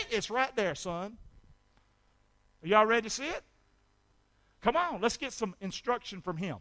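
Pastor preaching hard, high bright voice, yells then drops quiet, lots of amens. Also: male voice, moderate pace, long pauses. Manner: animated, calls for amens, swings from shouting to hushed asides. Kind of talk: sermon.

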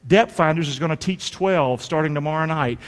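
A middle-aged male pastor preaching a sermon in a folksy way, rising to shouts and dropping to near-whispers. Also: fairly high pitch, fairly quick. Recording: long hall reverb.

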